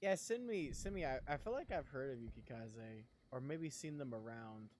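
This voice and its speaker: A sleepy-sounding young man chats casually on a live stream, rambling and excitable and laughing often. His pitch is medium and his speed normal, with slight background noise.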